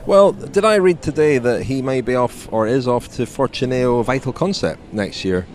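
A man hosting a podcast, relaxed and conversational, handing over to a correspondent. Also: medium pitch, moderate pace, a little hiss or hum. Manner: relaxed, hands over to guests. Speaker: podcast host. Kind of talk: casual chat.

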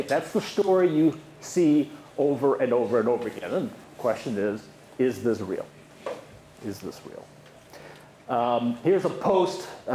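A man's voice: mid-range voice, a little mellow. A man giving an economics lecture at a university, quizzing the audience with questions and talking with many fillers. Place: lecture hall. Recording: echoey lecture hall, faint noise.

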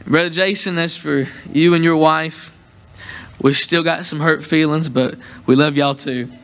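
A young man with a drawl preaching from the pulpit, trading jokes and folksy asides with his congregation. His voice sits a little high and rings bright and forceful. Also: steady tone, a little slow. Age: young adult. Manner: joking, folksy and warm with the congregation. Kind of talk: sermon at a church convention.

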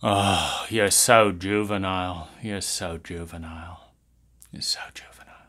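A man's voice: mid-range voice, slow, bright, forceful tone. A man voicing a weary, dismissive martyr parent who sighs with exasperation. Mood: exasperated.

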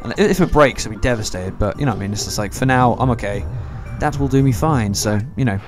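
A young man rambles through his gameplay commentary, cracking jokes and swearing at his mistakes. His voice sits at an ordinary pitch. Game music plays clearly behind him. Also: lively intonation, fast. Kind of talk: casual let's play commentary.

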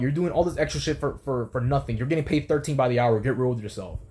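Fast-talking young man venting. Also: mid-range voice, dark tone. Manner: rambling, heated, lots of restarts and swearing. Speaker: former fast food worker. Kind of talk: profane storytelling rant.

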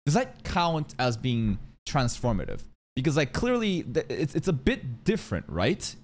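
A man's voice: medium pitch, very animated, moderate pace. A man giving casual, blunt reaction commentary, swearing freely and arguing his point. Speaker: reaction streamer.

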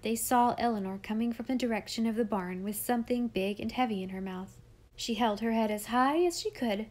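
A woman narrating a classic children's novel aloud in a measured, expressive reading. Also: medium pitch. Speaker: audiobook reader. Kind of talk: scripted storybook narration.

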